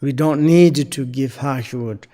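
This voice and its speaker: A man giving a Dharma teaching in halting, non-native English. He pauses often with fillers while searching for words. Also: medium pitch, mellow, big-room sound. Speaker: Buddhist teacher.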